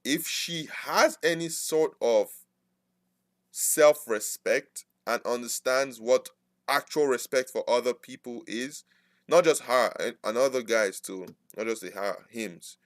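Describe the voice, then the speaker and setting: Man, casual rambling talk, self-correcting, mid pitch, dry close sound. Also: unhurried, dry recording. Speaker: trading streamer.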